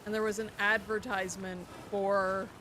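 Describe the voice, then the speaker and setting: A woman's voice: medium pitch, little pitch movement, normal speed. Rambling young woman streamer, game noise. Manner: rambling and nostalgic, trails off into musing. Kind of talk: casual chat while gaming. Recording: noisy game audio behind.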